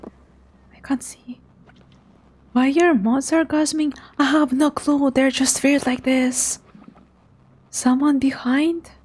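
A young woman, quietly commentating a live game stream in a hushed, soft voice. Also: high-pitched, steady tone, measured pace. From Russia. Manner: hushed, softly spoken to avoid making noise.

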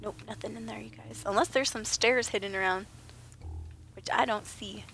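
A woman livestreaming a game, chatting playfully with viewers and laughing often, her voice a little rough from being sick. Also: medium pitch, steady tone, normal speed, background noise. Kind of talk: casual livestream chat with viewers.

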